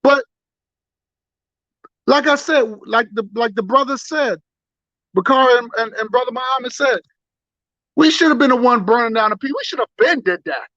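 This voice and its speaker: A man's voice: extremely high pitch, moderate pace, long pauses, pushed and bright, dry recording, dull audio. A man giving impassioned political commentary as a talk radio panelist, emphatic and indignant, stumbling over repeated words.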